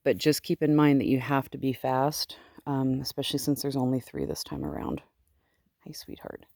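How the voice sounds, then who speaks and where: A woman's voice: rumbling low, very animated, fairly quick, creaky, darkish tone, no room sound, studio quality. A woman sheep farmer chatting casually outdoors in her sheep pen, cooing baby talk to her animals in between. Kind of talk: casual vlog talking to animals.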